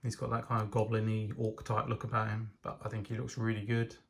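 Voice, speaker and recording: A man's voice: lowish voice, monotone, brisk, gravelly. A man giving a casual, enthusiastic toy set review, talking with frequent hesitations and ums. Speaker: LEGO reviewer.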